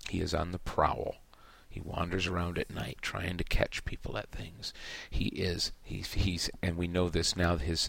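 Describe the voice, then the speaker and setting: A man hosting a podcast, discussing a book casually with emphatic, halting speech and many restarts. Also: low voice, vocal fry, dry recording. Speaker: podcast host.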